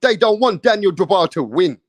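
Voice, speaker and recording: A man's voice: sits high, expressive, moderate pace, dry recording. A man giving an angry, mocking, profane rant about a boxing match, full of slang. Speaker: boxing commentator.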